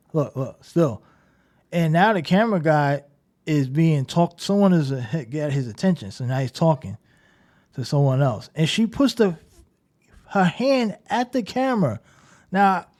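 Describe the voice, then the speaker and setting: Over game footage, a man with a mellow, somewhat high voice offers loose, critical commentary. He keeps pointing things out, sounding incredulous and peppering his talk with "like" and "right?".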